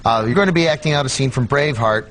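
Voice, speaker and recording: A man's voice: medium pitch, racing, a bit bright. A man hosting a comedy show, explaining the rules of a game in a matter-of-fact way.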